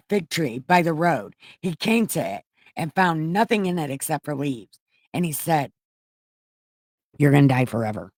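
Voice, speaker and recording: This dry studio recording features a woman with a low voice doing an irreverent scripture reading. She loosely cuts into her own reading with foul-mouthed, mocking jokes.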